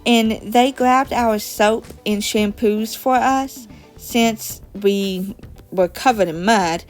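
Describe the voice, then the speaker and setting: A woman in her thirties hosting a crafting video, telling a summer memory in a slow, deliberate storytelling way with soft chuckles. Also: mid-range voice. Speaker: crafting channel host. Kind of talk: slow reminiscing chat over crafting. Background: soft background music.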